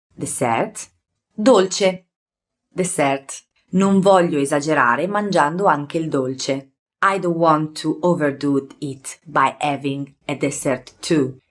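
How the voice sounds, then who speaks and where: A woman's voice: deep voice, measured pace. A woman with an Italian accent teaching vocabulary, explaining in English with fillers and self-corrections. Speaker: language teacher. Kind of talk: language lesson.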